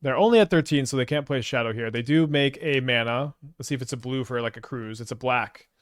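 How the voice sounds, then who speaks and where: At a fairly quick pace and medium pitch, a Canadian man provides casual game commentary that wanders as he thinks out loud, often starting over hesitantly.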